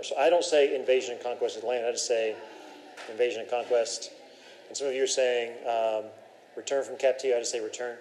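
A man's voice: medium pitch, darkish tone, slight background noise, poor audio. A man teaching a Bible class, asking questions and talking in a loose, conversational way with fillers.

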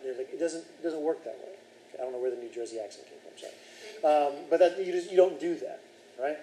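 A man's voice: on the high side, animated, quick pace, dark tone, roomy sound, a little hiss or hum, low-quality recording. A man leading a Bible study class, reading scripture aloud and then explaining it and questioning his students.

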